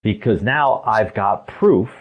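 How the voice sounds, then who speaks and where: A man's voice: on the low side, animated, takes it slowly. Emphatic man on a tinny phone line. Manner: emphatic, asks rhetorical questions. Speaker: podcast guest, stress coach. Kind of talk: explanatory interview talk.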